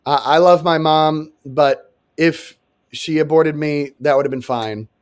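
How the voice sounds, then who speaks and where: A young man from New York co-hosting a casual comedic chat, animated and sarcastic, swearing freely. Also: a little high, measured pace. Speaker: podcast co-host.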